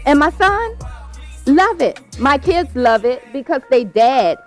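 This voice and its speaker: A married woman with a high voice that swings up and down a lot, talking over people in casual group chat. She is emphatic and animated, often repeating words to push her point. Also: takes it slowly, faint music behind. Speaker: married couple panelist.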